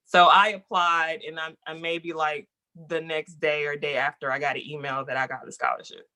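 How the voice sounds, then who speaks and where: Woman guest in a chatty interview, bright voice, super animated storyteller. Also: sits low, normal speed, hardly any pauses. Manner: lively, animated storyteller who acts out quotes. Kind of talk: casual storytelling chat.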